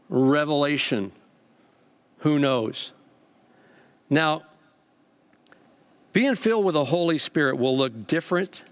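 A man preaching a sermon with a lively, repeating cadence and an easygoing storytelling manner. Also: mid-range voice. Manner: animated, repetitive preaching cadence. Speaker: pastor.

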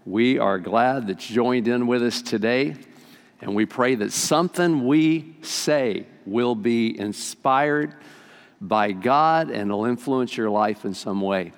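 Older pastor preaching in a reverberant hall. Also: male voice, mid-range voice, takes it slowly. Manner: folksy, animated storyteller. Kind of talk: sermon.

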